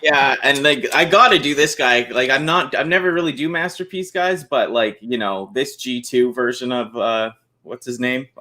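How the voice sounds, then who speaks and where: A podcast host with a medium-pitched voice speaks at a moderate pace, his delivery pushed and bright. In casual chat he's enthusiastic, chatty and rambling, and he reads out questions from listeners.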